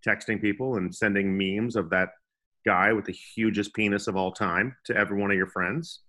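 A man's voice: lowish voice, fairly even intonation, brisk, sharp tone. A young man co-hosting a comedy podcast, joking around and slipping into silly voices. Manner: goofy, puts on silly voices. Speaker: podcast co-host.

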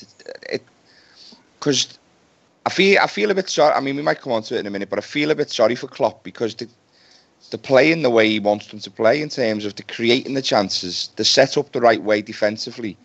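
A low-voiced man vents on a casual podcast, rambling and swearing between restarts. The recording is dull and lo-fi. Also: fairly bright tone. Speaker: podcast regular. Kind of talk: casual football podcast chat. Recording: dull lo-fi sound.

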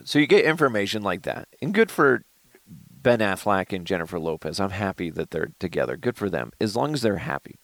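Male solo podcaster, gravelly and animated, dry close sound. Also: low voice, brisk, no room sound. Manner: animated, profane, jumps between shouting and mumbling. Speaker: podcast host. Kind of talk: casual solo commentary.

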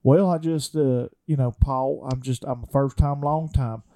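Man doing a rambling South Georgia call-in fan, drawling, dark mellow tone, comedic podcast bit. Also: mid-range voice, fairly even intonation, unhurried, close to an everyday voice.

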